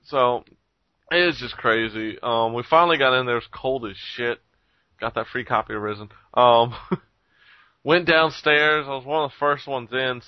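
A man's voice: mid-range voice, no echo. A young man tells a story in a casual, rambling way, with plenty of swearing and laughter. His voice sits in a mid-range. The recording is dry and muffled. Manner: rambling, profane, laughs often.

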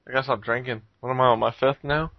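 A man's voice: medium pitch, fairly even intonation, fast talker, dry recording, highs cut off. A man hosting a casual podcast chat, rambling with lots of ums and frequent chuckles. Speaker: podcast host reviewing games.

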